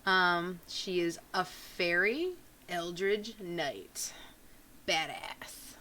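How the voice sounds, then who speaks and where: A woman's voice: lowish voice, a little slow, pushed and bright, clear, resonant tone. A woman in casual chat, introducing her character for a tabletop game in a giggly, playful way.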